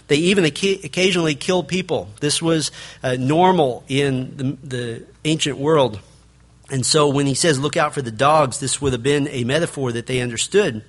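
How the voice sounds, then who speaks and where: A man's voice: medium pitch, a bit bright. A male pastor preaching a sermon, explaining scripture and growing emphatic when he quotes it.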